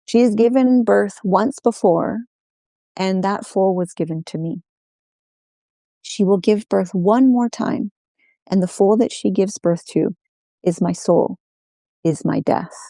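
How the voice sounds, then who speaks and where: A woman's voice: medium pitch, slow, pauses often, mellow, no room sound. Secretive husband, plain confiding tone, read by a woman storyteller, dry close sound. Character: secretive husband hiding his soul.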